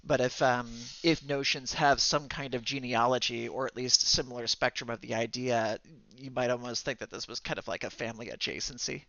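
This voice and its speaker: A man acting as game master narrates a tabletop game haltingly, full of fillers and restarts. His mid-range voice stays fairly even, creaky and sharp in tone, in a dry recording with the highs cut off.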